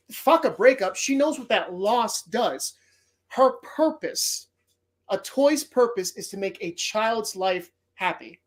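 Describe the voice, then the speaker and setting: Brief: male podcast host, loose and rambling, swears freely, heartfelt. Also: high-pitched. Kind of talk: casual movie podcast talk.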